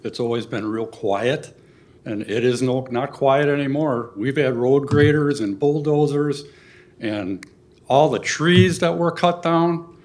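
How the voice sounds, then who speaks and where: An older man giving a public comment at a city meeting, earnest and halting, getting emotional at times. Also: mid-range voice, darkish tone. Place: city council chamber.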